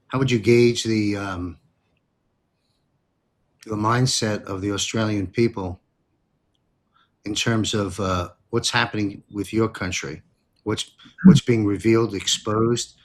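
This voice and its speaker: A man from the United States hosting an interview, asking long questions with many fillers and repeats. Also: on the low side. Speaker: host.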